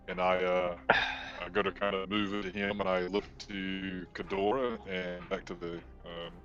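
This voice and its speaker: A man playing his character in a sci-fi tabletop role-playing game, in a relaxed, dry manner. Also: deep voice, lo-fi sound. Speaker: player.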